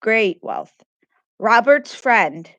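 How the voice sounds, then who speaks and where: A woman's voice: a little high, expressive, drawn-out words, a bit bright, no echo. A woman teacher giving a grammar lesson to children, patiently repeating questions and praising answers.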